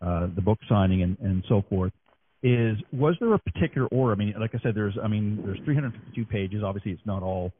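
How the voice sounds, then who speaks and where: A man's voice: on the low side, fairly quick, slight background noise. A man hosting a radio interview, asking long, winding questions. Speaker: radio host. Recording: tinny phone line.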